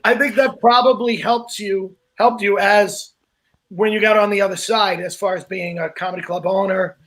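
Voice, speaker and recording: A man's voice: sits high, steady tone, normal speed, a bit bright. A man, a comedian co-hosting a podcast, talking in an earnest, casual way. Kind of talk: casual chat.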